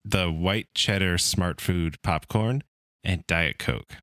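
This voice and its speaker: A man co-hosting a podcast in casual chat, calmly explaining odd habits in a matter-of-fact, deadpan way. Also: deep voice, takes it slowly, no echo, studio quality. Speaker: podcast co-host.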